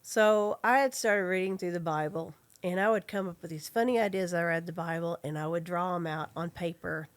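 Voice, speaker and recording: Woman, Southern accent, podcast guest, lively storyteller, acts out voices. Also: on the low side, brisk, hardly any pauses. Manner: animated storyteller acting out voices. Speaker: podcast guest, comic artist. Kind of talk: casual chat, storytelling.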